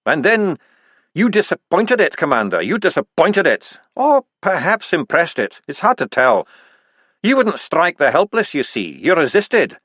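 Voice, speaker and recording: A man's voice: on the high side, very animated, unhurried, a bit bright, dry recording, voice pushed up, exaggerated voice. A man doing Bashfulson, an earnest dwarf priest. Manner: earnest, urgent, persuasive. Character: earnest dwarf priest, urgent, lecturing, calm.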